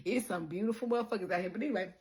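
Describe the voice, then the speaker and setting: A woman talking casually to her followers in an animated, profane monologue, laughing often. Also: mid-range voice, very fast. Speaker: social media creator. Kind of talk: casual direct-to-camera monologue. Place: in Chicago.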